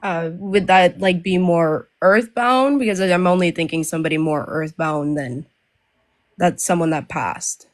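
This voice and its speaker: A woman caller in a live psychic reading, her voice a little low. She answers slowly and hesitantly, thinking aloud before she commits to a reply.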